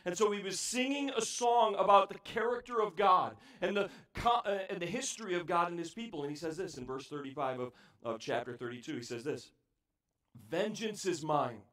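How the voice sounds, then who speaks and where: A male pastor preaching an impassioned sermon, his voice swinging between near-shouts and hushed, pleading tones. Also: sits high, a little fast. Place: church sanctuary. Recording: echoey church room, voice heard from a distance.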